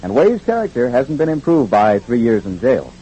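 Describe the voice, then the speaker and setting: A man's voice: medium pitch, moderate pace, husky, dull audio. A man announcing and narrating a recap for an old-time radio show in scripted narration. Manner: lively dramatic announcing.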